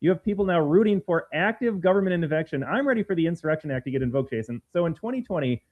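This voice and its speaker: A man's voice: on the high side, rapid-fire. Emphatic man on a tinny line. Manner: animated, emphatic, sarcastic. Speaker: podcast co-host. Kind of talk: political talk show. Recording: phone-like narrow sound.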